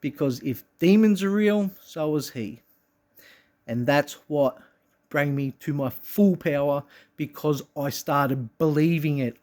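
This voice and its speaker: Man, vlog rant, heavy swearing, rambling, restarts, low mutters into loud bursts. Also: takes it slowly. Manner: profane, intense and rambling, with frequent restarts; voice swings between low mutters and loud outbursts. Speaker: vlogger. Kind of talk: rambling monologue to viewers.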